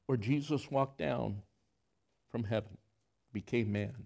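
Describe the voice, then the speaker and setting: A man preaching a sermon, his delivery swinging from hushed, intimate phrases to loud, impassioned outbursts. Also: medium pitch, slow pace, gravelly. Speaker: pastor.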